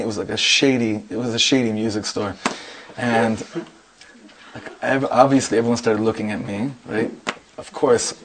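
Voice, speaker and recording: A middle-aged man, a rabbi, telling lively anecdotes full of quoted dialogue before a Torah class. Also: mid-range voice, a little hiss or hum.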